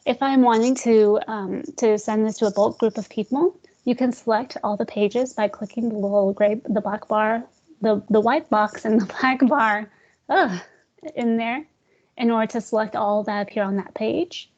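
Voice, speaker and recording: A woman leading a screen-share software tutorial for real estate agents, talking casually, calling her listeners "guys" and joking about slow screens. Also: on the high side, muffled recording. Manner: chatty, addresses audience as guys, jokes about glitches.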